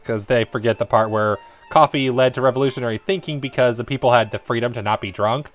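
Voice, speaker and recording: Guy streaming a game, rambly history nerd, chatty, bit of music in back. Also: lowish voice. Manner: rambling, enthusiastic about history. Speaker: let's-play streamer. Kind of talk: casual gameplay commentary.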